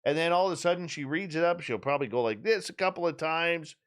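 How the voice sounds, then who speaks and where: A man's voice: on the high side, fast talker, clear, resonant tone. A man hosting a radio talk show, chatting casually and joking as he teases a regular listener. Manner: joking, teasing, animated. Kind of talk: casual chat.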